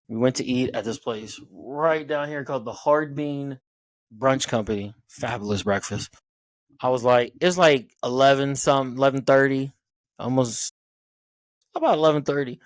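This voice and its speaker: A man's voice: mid-range voice, dry recording, rough recording. A man, hosting a podcast and telling a story in loose, profane casual chat from a hotel room. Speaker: podcast host.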